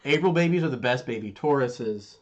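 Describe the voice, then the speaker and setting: A man's voice: medium pitch, expressive, a little fast, muffled recording. A man in his thirties hosting a casual live stream from home, joking around and reading out comments from viewers. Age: 30s. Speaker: live stream host celebrating his birthday.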